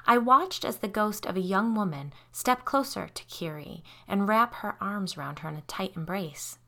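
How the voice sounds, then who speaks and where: A woman hosting a podcast, narrating a first-person story with expressive reading that drops low and soft for the tense parts. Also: normal speed, vocal fry.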